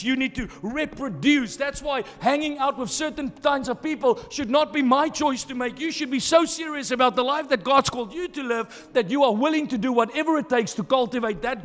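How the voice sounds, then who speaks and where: High-voiced male pastor preaching in a hall. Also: normal speed, hardly any pauses, fairly bright tone, faint music behind. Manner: emphatic preaching, repeating phrases for stress. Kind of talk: sermon. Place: church hall.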